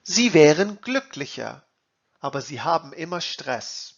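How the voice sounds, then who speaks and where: A man teaching German grammar, reading example sentences and translating them in a slow, deliberate lesson. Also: a little high, sing-song, highs cut off.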